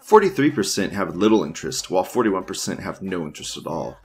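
Guy doing a loose crude news riff, lowish voice, laughs a lot, faint music under it. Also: big pitch swings, fast talker, slightly rough. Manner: rambling, crude, laughs often, restarts. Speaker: online news show host. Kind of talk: casual commentary reading forum posts.

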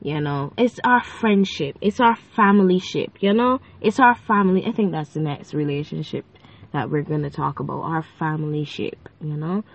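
A chatty woman rambles through a casual faith-based podcast, full of fillers and playful asides. Her voice sits a little low for a woman. The sound is dull and lo-fi, as if recorded on a phone. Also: moderate pace. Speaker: podcast host.

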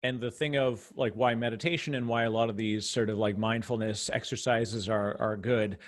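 A man's voice: lowish voice, fairly even intonation, moderate pace. A man hosting a casual interview, talking in long rambling stretches with frequent restarts and laughs. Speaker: podcast host.

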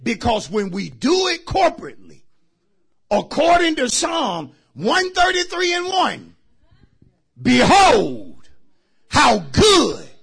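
A man preaching a sermon as pastor, shouting out lines and calling for responses from the congregation. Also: extremely high pitch, gravelly.

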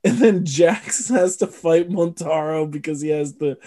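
A co-host with a mellow, warm tone in a casual movie-review chat. The speaker mocks the film with a giggle and throws in blunt jabs. The pitch sits in an ordinary middle range. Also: measured pace. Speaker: podcast co-host.

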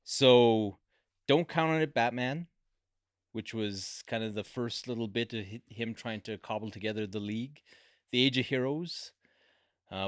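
A man's voice: on the low side, dry recording. Man, podcast host, genial, steers the chat, dry close sound. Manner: genial, guiding the discussion. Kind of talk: casual podcast hosting.

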